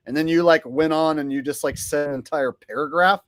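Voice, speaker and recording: A man's voice: on the high side, brisk, hardly any pauses, no room sound. A man hosting a casual commentary vlog, sarcastic and rambling, often laughing and mocking. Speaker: vlogger host.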